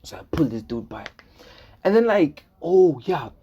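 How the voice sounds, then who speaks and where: A man's voice: on the high side, sing-song, measured pace, background noise. A young man casually telling a storytime vlog, rambling, repeating words and often asking "right?" as he acts out what people said. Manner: acts out dialogue in his retelling.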